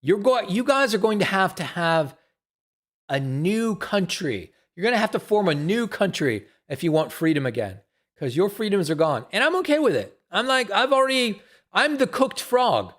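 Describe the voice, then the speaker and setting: Middle-aged male streamer, blunt profane rant, high voice that swings widely in pitch. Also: big pitch swings, moderate pace, fairly bright tone. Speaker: live streamer. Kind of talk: casual stream monologue.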